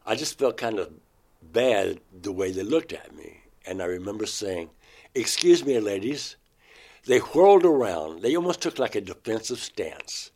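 A man with a lowish, slightly mellow voice speaks at a normal pace in a sing-song way. As an interview guest, he earnestly recounts his own abduction experience in the first person, acting out the things he said back then.

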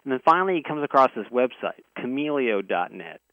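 A man's voice: medium pitch, sing-song, brisk, no room sound. Man telling a story over a phone line. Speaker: guest recounting a personal story. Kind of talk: conversational storytelling. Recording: tinny dry phone line.

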